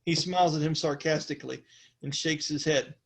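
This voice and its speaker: A man's voice: on the high side, steady tone, a little fast, creaky. A man narrating as game master of a tabletop role-playing game, slipping into sarcastic character voices. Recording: faint music behind.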